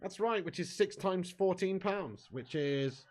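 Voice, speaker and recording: A young man hosting a live football watch-along, bantering with his chat and swearing freely, getting loud when a chance comes. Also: high-pitched, expressive, a little slow.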